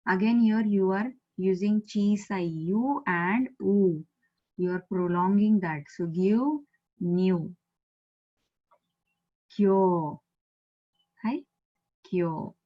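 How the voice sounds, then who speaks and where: Indian woman, patient teacher, mid pitch, repeats each word slowly, video call audio a bit dull. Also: dark tone. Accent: Indian English. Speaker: Japanese language teacher. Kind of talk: online language lesson.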